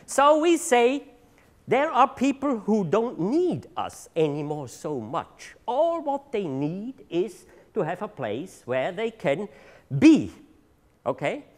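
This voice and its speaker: Middle-aged man, conference speaker, high voice, swinging intonation, halting, repeats words. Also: sing-song. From Switzerland. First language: German. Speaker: drug treatment agency leader giving a seminar talk. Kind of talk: conference presentation. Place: seminar room.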